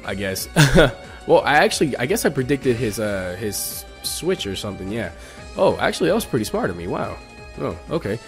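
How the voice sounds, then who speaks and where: Young guy narrating his own game match, gets worked up, laughs at himself, some music underneath. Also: mid-range voice. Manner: excitable, self-mocking, lots of "I'm like" retellings. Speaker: channel host commentating his own battle. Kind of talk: casual game commentary over a recorded battle.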